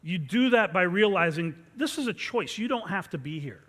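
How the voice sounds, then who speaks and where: A man with a high, ringing voice delivers a fired-up pep talk as a martial arts instructor, pushing his class to chant with intensity. His words bounce around a big hall with a long echo. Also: animated, normal speed, a bit bright. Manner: intense, urging call-and-response chants. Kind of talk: motivational pep talk to students. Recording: long reverb from a large hall.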